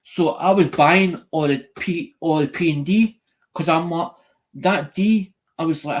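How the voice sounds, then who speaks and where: A man's voice: fairly high pitch, measured pace. A man chatting casually to viewers, rambling and restarting phrases, acting out what people say. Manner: rambling, repeats and restarts phrases, acts out quoted voices. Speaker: coin collecting YouTuber.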